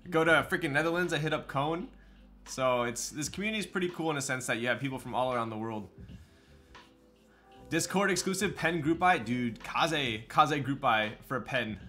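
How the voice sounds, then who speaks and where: Man, live streamer, casual chat, bright tone, faint music behind. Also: mid-range voice, animated, normal speed. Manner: chatty, loose, reads and answers chat.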